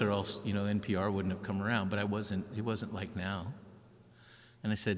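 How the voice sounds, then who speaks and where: A man's voice: fairly low pitch, level tone, fairly quick. Male storyteller in a reverberant church. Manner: vivid storyteller who acts out quotes. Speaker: keynote speaker and author. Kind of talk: storytelling speech. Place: large church hall.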